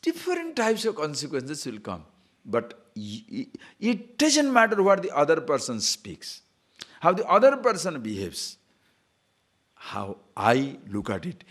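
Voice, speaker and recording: A man, a spiritual teacher, giving an animated lecture on scripture and acting out little scenes of quoted speech. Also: on the high side, measured pace. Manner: animated, acts out quoted speech, chuckles at own stories.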